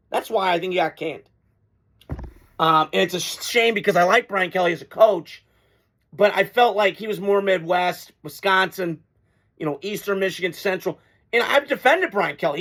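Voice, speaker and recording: A man with a high-pitched voice and a gravelly, creaky edge, talking sports on his own show. He is blunt and profane and mocks freely as he riffs through an opinionated monologue. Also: a bit bright.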